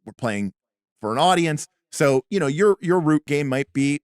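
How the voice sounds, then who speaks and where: A man's voice: a little high, expressive, normal speed, no room sound, clean studio sound. A man as game master, explaining rules in a chatty way and often saying "you know". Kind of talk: running a tabletop game livestream.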